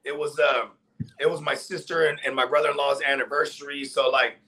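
A man's voice: flat delivery, a little fast, sharp tone, rough recording. A man co-hosting a casual sports podcast, telling loose profane stories and acting out quotes. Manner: loose storytelling with profanity, acts out quotes in a high voice. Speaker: podcast co-host.

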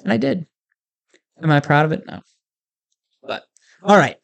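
A man's voice: on the high side, expressive, measured pace, gravelly. Rambling, joking male podcast host. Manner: rambling, joking, many fillers. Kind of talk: casual podcast chat.

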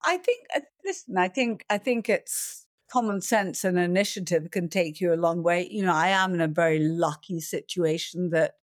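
A middle-aged woman, a film producer, answering interview questions in a calm, reflective way, sometimes acting out a panicked voice. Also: fairly low pitch, normal speed, hardly any pauses, no room sound, studio quality. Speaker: film producer and director, guest.

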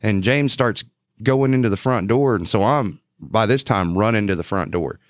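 A lower-voiced man with a drawl spins a story in easy podcast chat, jumping up into the quoted lines and laughing as he goes. The recording is close and dry. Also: moderate pace, dry recording. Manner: animated storyteller, acts out quotes in a raised voice, laughs often. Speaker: podcast co-host, police officer.

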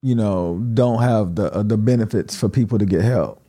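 A man in a casual podcast discussion, asking questions and pushing back in a measured way. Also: fairly low pitch, mellow. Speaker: podcast co-host.

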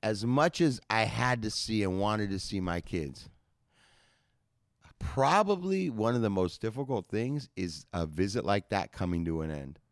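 A man's voice: fairly low pitch, expressive, unhurried, dry recording, studio quality. A man talking in a casual podcast chat, reflective and loosely phrased, swearing freely.

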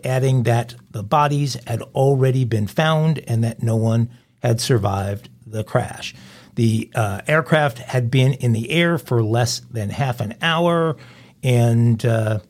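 A man's voice: mid-range voice, takes it slowly. Male host, mid-range voice, crime news reading, dry asides. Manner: reads headlines in a steady, conversational way with dry asides.

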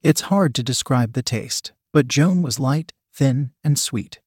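A man's voice: mid-range voice, a little slow, few pauses, a little mellow, breathy edge, no room sound. Man reading a story in a dry voice. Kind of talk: first-person story narration.

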